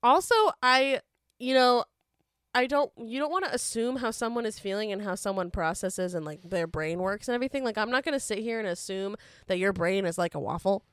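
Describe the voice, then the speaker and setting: A woman's voice: medium pitch, a little fast, clean tone, no echo, clean studio sound. A woman co-hosting a casual podcast, chatty and full of filler words. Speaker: podcast co-host. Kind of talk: casual chat.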